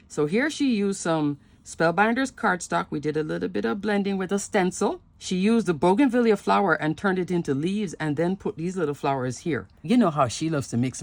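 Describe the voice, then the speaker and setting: A woman's voice: low-pitched, dry recording. A woman hosting a casual craft show-and-tell, gushing and chatty, often asking if things are pretty and repeating her love for them. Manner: chatty, asks "isn't that pretty?". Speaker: papercraft channel host.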